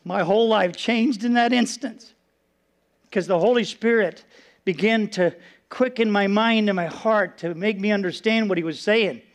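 At a moderate pace, a preacher recounts his own testimony in a sincere, story-driven sermon. His voice goes quiet and low whenever the moment turns solemn.

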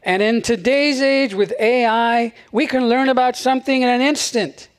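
A high-voiced pastor chuckling through his sermon. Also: steady tone, moderate pace, clear, resonant tone. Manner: conversational, chuckles often between phrases. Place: church service.

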